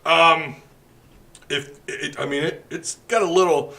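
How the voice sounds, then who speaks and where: A man's voice: fairly high pitch, steady tone, a little slow, bright, forceful tone. A man hosting a podcast live stream, chatting loosely and joking while drinking beer. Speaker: podcast host. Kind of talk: casual live stream chat.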